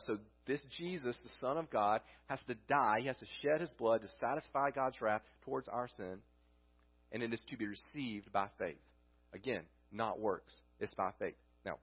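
Male pastor, mid-range voice, breathy edge; conversational sermon delivery on a dull church recording. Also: mid-range voice. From United States. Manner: conversational preaching with rhetorical questions and restarts. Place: church sanctuary.

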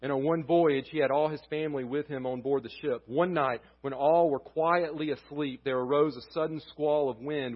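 A pastor preaching a sermon, impassioned, rising to near-shouts and dropping to hushed closings. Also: male voice, fairly high pitch, fairly even intonation, moderate pace, hardly any pauses, highs cut off. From United States. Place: church sanctuary.

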